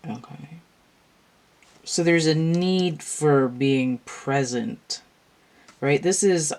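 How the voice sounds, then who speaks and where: A woman's voice: low voice, slow, pauses often, darkish tone. A tired, yawning woman reading tarot cards to a camera at home, musing aloud and meandering with restarts in a casual monologue. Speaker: tarot reader.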